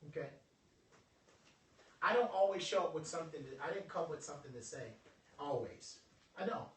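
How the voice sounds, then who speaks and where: A young man giving an informal motivational talk to a small group, lively and joking in a preacherly way, calling on his audience. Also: a little high, normal speed. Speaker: motivational speaker. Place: indoor room with a small audience. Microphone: phone livestream from across the room. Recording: echoey room, voice from a distance.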